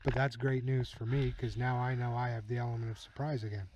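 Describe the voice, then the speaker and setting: A man with an ordinary mid-range voice narrates over his own game footage. He explains tactics in a calm, instructional way and chuckles easily as he goes. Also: medium pitch, fairly quick, background noise. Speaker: channel host.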